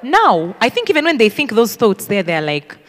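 A woman's voice: on the high side, wildly swooping pitch, moderate pace, big-room sound. A woman teaching in a preaching style, emphatic and direct, often acting out the voices of children. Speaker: ministry school teacher. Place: teaching hall.

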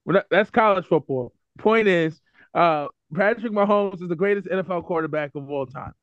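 A man's voice: sits high, normal speed, dry recording. A man co-hosting a sports podcast, insistent in casual debate, cutting in and pressing his point. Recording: dry, dull lo-fi audio.

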